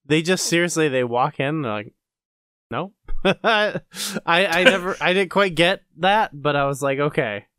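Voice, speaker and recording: A man's voice: fairly high pitch, moderate pace, pushed and bright, clean tone. A man co-hosting a podcast in casual chat, laughing often and giving short agreeing replies. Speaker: podcast co-host.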